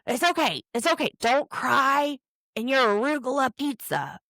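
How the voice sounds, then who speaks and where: A woman's voice: high voice, big pitch swings, moderate pace, creaky, bright, forceful tone, no echo, studio quality, pitched above the performer's own voice, exaggerated voice. A woman mocking a chipper awkward dad. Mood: forced cheer. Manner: overly chipper, fishing for reactions. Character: awkward middle-aged dad forcing cheer at dinner.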